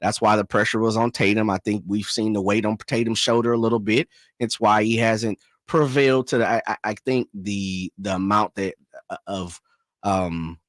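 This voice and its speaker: A man's voice: lowish voice, dry recording, studio quality. Emphatic man on sports radio. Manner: emphatic, colloquial, uses boxing and horse imagery. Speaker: co-host. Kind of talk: casual sports talk.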